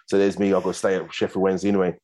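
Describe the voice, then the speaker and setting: A man, a former footballer, telling animated stories in a casual interview. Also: low-pitched. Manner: fast, animated anecdotes with acted quotes.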